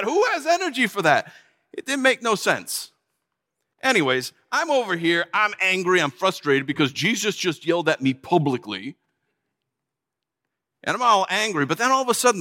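A man's voice: high-pitched, bright, forceful tone. A man giving a dramatic first-person sermon, telling the story as a disciple in a playful, chatty way. He is heard in a large hall. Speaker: preacher. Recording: long hall reverb.

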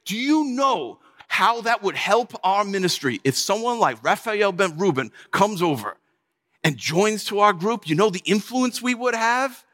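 Man, bright high voice, lively first-person sermon in character, playful and chatty, long hall reverb. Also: a little slow. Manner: animated storytelling in character as a disciple, playful and chatty. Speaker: preacher.

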